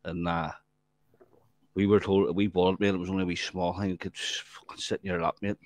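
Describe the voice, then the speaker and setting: Man, quick, lowish voice, dry close sound, casual swearing chat. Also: little pitch movement, no room sound. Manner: rambling storyteller, swears a lot, says "mate" constantly. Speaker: livestream chat participant.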